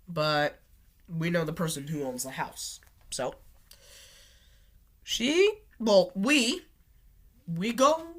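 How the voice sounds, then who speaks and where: A woman's voice: medium pitch, fairly bright tone. A woman with a sick voice telling a personal story to her channel, rambling and correcting herself as she goes. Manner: rambling, restarts and self-corrections. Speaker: storytime video host. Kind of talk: casual storytelling.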